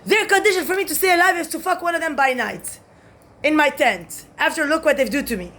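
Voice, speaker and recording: A woman with a notably high voice delivers a rambling monologue to camera. She sounds agitated and swears freely, leaping from one point to the next and now and then breaking into shouts. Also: lively intonation, a little fast. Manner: agitated, profane, jumps between topics, bursts into shouting.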